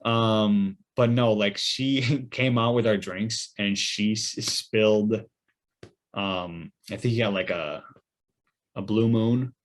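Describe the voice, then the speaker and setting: A man co-hosting a podcast, telling a story in a rambling, animated way with many fillers. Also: lowish voice, slow. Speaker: podcast co-host. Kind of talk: casual storytelling.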